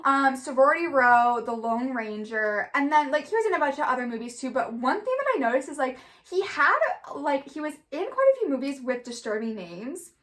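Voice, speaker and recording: This young woman has a high, bright voice and talks in a loose, rambling way, leaning on "like" again and again. She co-hosts a casual podcast chat and reviews things with a friend. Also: expressive, fairly quick, hardly any pauses. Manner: chatty, heavy use of "like". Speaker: podcast co-host.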